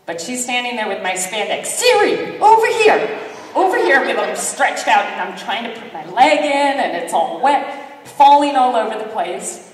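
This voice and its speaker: Echoey woman telling a lively story. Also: on the high side, moderate pace. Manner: animated, self-mocking, acts out quotes. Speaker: keynote speaker. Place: large sports hall. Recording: echoey hall from far off.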